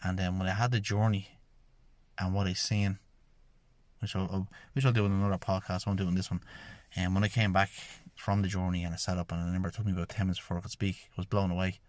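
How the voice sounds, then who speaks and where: An Irish shamanic healer and podcast host tells his own story in a rambling monologue, repeatedly saying "I says" as he retells conversations. His voice sits low and darkish, level in tone, and he talks fast on a dry recording.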